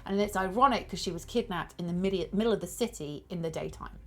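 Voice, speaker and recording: A woman's voice: on the low side, fast, fairly bright tone. A woman streaming a detective board game, chatting casually, thinking aloud and thanking viewers as she plays. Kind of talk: casual chat while playing a board game.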